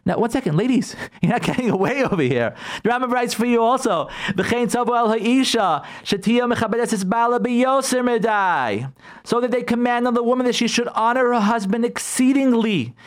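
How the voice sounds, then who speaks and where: A man's voice: very high-pitched, lively intonation, moderate pace. A man, a rabbi, giving an emphatic radio talk on Jewish law and marriage, repeating key words and acting out his listeners' objections.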